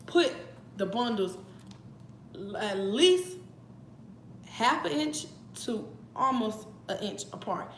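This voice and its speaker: A woman's voice: fairly high pitch, lively intonation, slow, long pauses, a little hiss or hum. Blunt, profane young woman venting. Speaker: vlogger. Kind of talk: casual storytime vlog. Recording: echoey room with faint ambience.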